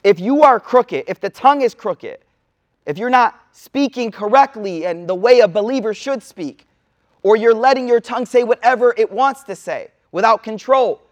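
A man's voice: high-pitched, normal speed, highs cut off. A man, giving an informal Islamic talk to a live audience in a slangy, storytelling way. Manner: casual, slangy storytelling with lively asides. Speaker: Islamic teacher. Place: room with a seated audience.

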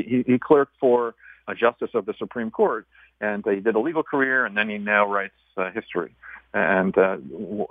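A man's voice: fairly low pitch, no room sound. A man who is a regular guest on a radio show, explaining history step by step in a teacher-like way. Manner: explanatory, teacher-like, walks the host through points step by step. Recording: tinny phone line.

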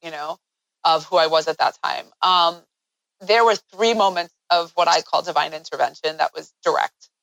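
A woman's voice: fairly low pitch, moderate pace, fairly bright tone, no room sound, low-quality recording. Earnest woman telling her story, dry sound. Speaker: interview guest. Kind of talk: personal storytelling in an interview.

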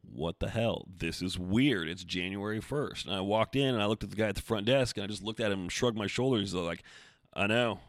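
A man's voice: on the low side, fairly quick, few pauses, no room sound. A man hosting his own podcast alone, chatting in a rambling, jokey, self-deprecating way. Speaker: podcast host. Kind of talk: casual solo podcast talk.

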